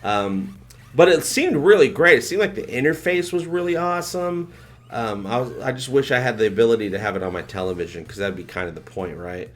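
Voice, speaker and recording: A man hosts a live stream in a loose, rambling way. He talks with excitement and keeps thanking his viewers. His voice sits at an ordinary middle pitch. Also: fairly quick. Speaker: livestream host. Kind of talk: casual live-stream chat.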